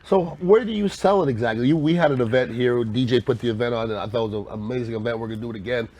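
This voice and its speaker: A relaxed man hosting a podcast in a kava bar, with a middle-pitched voice. He puts questions loosely and fills gaps with quick sounds of agreement. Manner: frequent short agreeing interjections, relaxed questions. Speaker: podcast host. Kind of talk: casual interview conversation.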